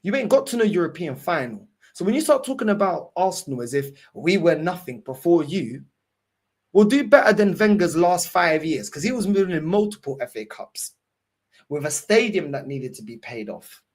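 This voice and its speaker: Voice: mid-range voice, very animated, normal speed. A football fan host ranting angrily to camera, swearing and repeating points. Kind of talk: angry fan rant to camera.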